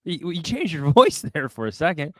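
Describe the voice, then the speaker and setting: Teasing man with lively pitch. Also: no room sound. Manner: teasing, quick interjections. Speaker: sports podcaster. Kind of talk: casual sports chat.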